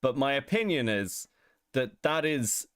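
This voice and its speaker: A man's voice: medium pitch, animated, measured pace, fairly bright tone, clean tone, no room sound, clean studio sound. A man hosting a podcast, commenting casually with wry laughs and offhand swearing. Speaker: host.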